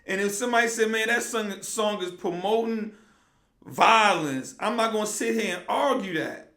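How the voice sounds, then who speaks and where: A man with a fairly high voice gives casual reaction commentary, laid-back and full of slang. The sound is echoey, with the room ringing around him. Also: moderate pace, pushed and bright. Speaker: commentary vlogger.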